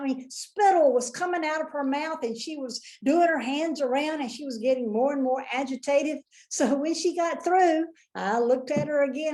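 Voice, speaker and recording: A woman with a Southern US accent telling a folksy, lively story as a motivational speaker. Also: high-pitched.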